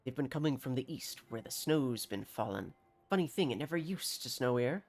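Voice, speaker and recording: A jumpy, suspicious farmer with a rusty sword, put on by a streamer reading the game's lines. He grumbles in a folksy, wary way through a deliberately bad accent. His voice swings widely in pitch. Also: very animated, lightly acted. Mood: earnest. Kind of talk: reading game dialogue aloud on a live stream.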